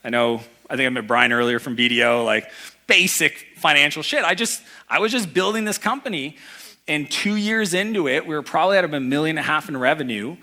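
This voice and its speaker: A man giving an energetic motivational talk to a live audience, telling personal stories and acting out the people in them. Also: on the high side, brisk. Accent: Canadian. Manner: energetic storytelling, acts out voices in anecdotes. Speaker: keynote speaker. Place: event hall before a live audience.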